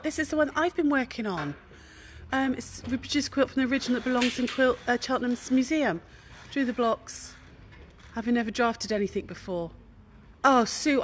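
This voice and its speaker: A middle-aged woman hosting a casual walk-around vlog at a quilt show, chatty and gushing, dropping to hushed admiration. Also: mid-range voice, slight background noise. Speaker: craft shop host showing a quilt show. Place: large indoor exhibition hall.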